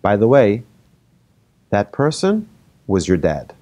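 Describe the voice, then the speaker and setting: A rabbi giving a lively talk to an audience, telling made-up stories and asking the listeners questions. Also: male voice, lowish voice, takes it slowly. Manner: animated, asks the audience questions, tells hypothetical stories. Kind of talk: lively lecture to a live audience.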